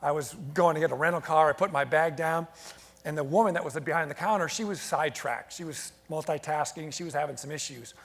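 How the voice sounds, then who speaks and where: A man delivers a motivational keynote on stage, with a fairly high and energetic voice. He tells stories and calls on the crowd to answer back. His voice rings out with the long reverb of a large event hall. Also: brisk. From United States. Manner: energetic, storytelling, engages the crowd with call-and-response. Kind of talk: live motivational keynote to an audience. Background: audience responding and laughing.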